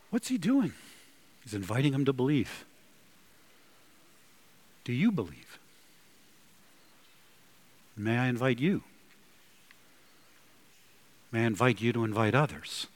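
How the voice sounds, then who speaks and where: Animated man preaching a lively sermon. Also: mid-range voice, unhurried, pauses often. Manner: animated, emphatic preaching with sudden loud bursts. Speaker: pastor.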